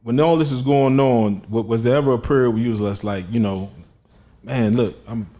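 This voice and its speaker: A man hosting a podcast, asking casual questions in a halting way full of fillers. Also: mid-range voice, warm tone. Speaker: podcast host. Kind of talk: casual interview.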